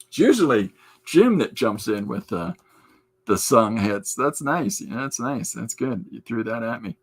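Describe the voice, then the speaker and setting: A man's voice: medium pitch, sing-song, slow pace, vocal fry, pauses often, breathy edge. A man hosting a podcast, chatting casually with his live viewers from his art studio while he draws. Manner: chatty, answers viewers' comments aloud. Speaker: podcast host and comic artist. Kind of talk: casual live-stream chat while drawing.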